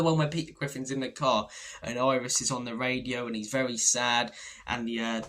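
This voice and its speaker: A man's voice: mid-range voice, fairly even intonation, a little fast, fairly bright tone. A young man hosting a casual football season review, chatty, wry and opinionated, with mocking asides. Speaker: football fan channel host.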